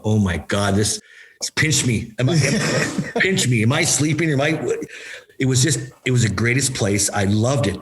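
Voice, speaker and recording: An older man, a former hockey player and coach, answering interview questions with lively anecdotes and acted-out quotes. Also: on the low side, slight background noise, poor audio. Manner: animated, acts out quoted dialogue, repeats himself for emphasis.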